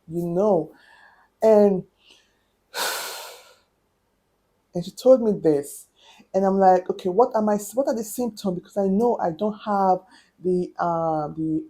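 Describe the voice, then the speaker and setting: A woman telling a personal story to her camera in a casual, animated way, acting out what people said and sounding a little out of breath. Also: medium pitch. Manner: animated, acts out quoted dialogue. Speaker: vlogger.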